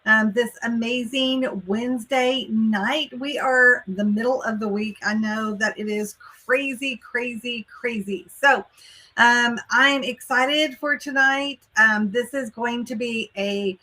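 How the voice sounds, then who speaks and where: A woman's voice: a little high, fairly even intonation, slow pace, pushed and bright. A woman with a Texas accent, hosting a live online workshop on college admissions, chatty and upbeat as she greets viewers by name and walks through the plan. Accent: Texan. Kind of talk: live webinar talk.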